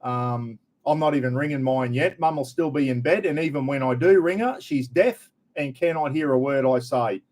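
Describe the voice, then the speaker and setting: A man's voice: medium pitch, normal speed, few pauses, darkish tone. A middle-aged Australian man hosting a casual live stream, greeting viewers one by one with a friendly, chatty manner. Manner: chatty, friendly, lots of g'day mate.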